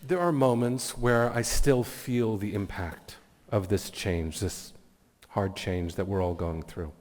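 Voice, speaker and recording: Man giving a heartfelt speech at some community event, lowish voice, big roomy hall sound. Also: slow, darkish tone. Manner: heartfelt, earnest storytelling. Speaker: guest speaker at a community meeting. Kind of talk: inspirational speech with personal stories.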